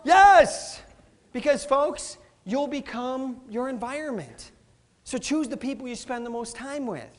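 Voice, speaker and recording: A middle-aged man giving a live motivational talk, energetic and playful, quizzing the audience and laughing often. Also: very high-pitched. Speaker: motivational speaker.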